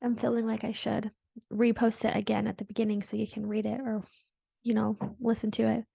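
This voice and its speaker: A woman hosts a spiritual podcast alone, musing in a loose, reflective way. Her fairly high voice has a gravelly fry, and the sound is dry and close with no room echo. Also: flat delivery, fairly quick. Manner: meandering, reflective, soft-spoken with frequent "like" fillers. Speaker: podcast host. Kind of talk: casual spiritual monologue.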